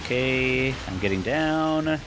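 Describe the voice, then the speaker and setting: A man co-hosting a podcast, chatting casually while playing a game, animated and quick to laugh. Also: mid-range voice, background noise. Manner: animated, laughs often, thinks aloud. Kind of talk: casual gameplay chat.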